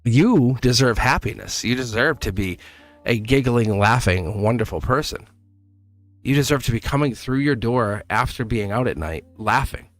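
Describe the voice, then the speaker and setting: A man giving a live tarot reading, animated, laughing often and talking straight to his viewers. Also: medium pitch, normal speed, soft background music. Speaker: tarot reader.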